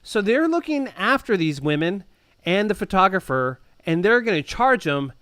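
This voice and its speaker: Lively high-voiced man reading news casually. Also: normal speed, smooth, no echo, studio quality. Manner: laughs often, stumbles and repeats words. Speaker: podcast co-host reading news stories. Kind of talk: casual podcast banter.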